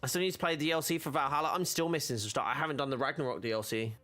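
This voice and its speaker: A man's voice: medium pitch, racing, pushed and bright, faint music behind. A man chatting casually while streaming a game, rambling with lots of fillers and restarts. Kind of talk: casual gaming stream chat.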